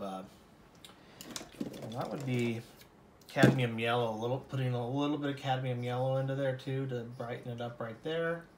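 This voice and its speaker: A man's voice: medium pitch, darkish tone, echoey room, a little hiss or hum. A man from Colorado giving a casual oil painting lesson, rambling and self-deprecating, with many fillers. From Colorado, USA.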